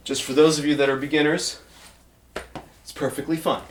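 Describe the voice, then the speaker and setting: A man's voice: on the high side, flat delivery, moderate pace, noisy background. A male fitness trainer demonstrating exercises, encouraging beginners and counting reps aloud while getting out of breath.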